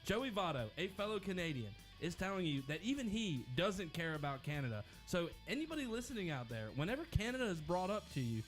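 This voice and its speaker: A young man co-hosting a radio show, with a fairly high voice that jumps around as he mock-rants. His tone is jokey and animated. Faint music plays under him. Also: brisk, few pauses. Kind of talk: casual radio banter.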